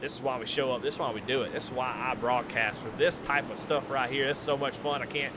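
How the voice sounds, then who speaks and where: A man calling a sim race live, excitable and given to repeating the same questions. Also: mid-range voice, quick pace, noisy background. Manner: excitable, repeats questions, builds to shouting at the finish. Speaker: sim racing commentator.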